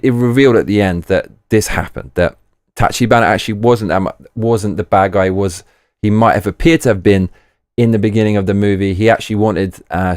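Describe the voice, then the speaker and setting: A man's voice: on the low side, clean tone, no echo, studio quality. A man giving a casual spoken film review, blunt and profane, often repeating himself for emphasis. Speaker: movie reviewer. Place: living in Japan.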